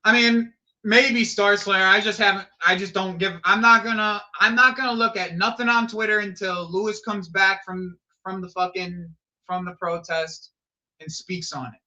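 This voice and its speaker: A man's voice: sits high, steady tone, normal speed, pushed and bright. A man hosting a live football watch-along stream, rambling and swearing, repeating himself and blurting out reactions to the play.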